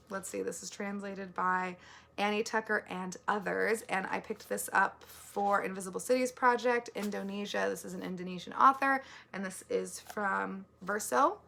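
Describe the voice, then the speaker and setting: Casual woman book vlogger, rambling and filler-heavy, bright tone with vocal fry, earnest. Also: mid-range voice. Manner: rambling, filler-heavy, with many likes and ums; earnest and easily moved. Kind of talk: casual monthly book wrap-up.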